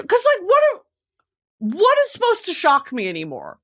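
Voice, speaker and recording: Excitable woman podcast host: high, bouncy voice, goofy chatter, bursts into squealing. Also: moderate pace. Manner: goofy, excitable, swings into loud squealing and dramatic wails; swears freely. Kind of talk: casual chat.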